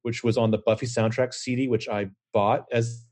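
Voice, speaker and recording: A man's voice: mid-range voice, moderate pace. Regular-voiced guy on a podcast, keeps jumping into tangents and fun facts, talking over a call. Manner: animated, jumping into tangents and trivia. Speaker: podcast co-host. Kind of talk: casual chat. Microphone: remote call setup.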